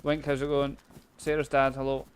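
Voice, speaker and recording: A man's voice: mid-range voice, completely flat delivery, normal speed, smooth. Sweary Scottish man streaming a game. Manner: sweary, chatty, thanks viewers. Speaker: live streamer. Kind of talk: casual gameplay chat.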